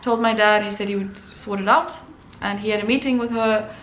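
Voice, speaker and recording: A woman hosting her own channel, telling a story in a casual, animated way and acting out quotes. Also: mid-range voice, brisk, roomy sound, slight background noise, rough recording. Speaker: artist and channel host.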